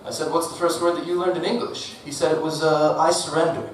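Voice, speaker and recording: Male stand-up comic, deadpan, slightly high; far-off mic, roomy echo, noisy club. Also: quick pace. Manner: deadpan delivery with laughing asides. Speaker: stand-up comedian. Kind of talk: stand-up comedy set. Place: comedy club stage. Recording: echoey club from a distant mic, audible noise.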